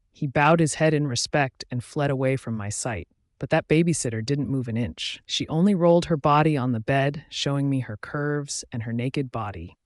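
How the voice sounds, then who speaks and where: A man's voice: medium pitch, normal speed, few pauses, no room sound, studio quality. A man narrating a first-person audiobook in a dramatic, intense storytelling manner.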